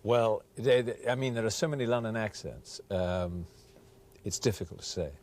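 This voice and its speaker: A man's voice: lowish voice, normal speed, darkish tone. Mild, hesitant man in a TV studio. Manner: hesitant, mild, many ums and uhs. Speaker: actor, guest. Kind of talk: casual interview chat.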